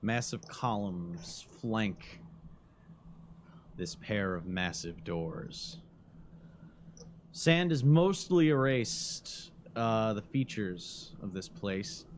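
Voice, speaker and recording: A game master narrating a tabletop role-playing game in slow, descriptive phrases with pauses. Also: medium pitch, animated, a little hiss or hum.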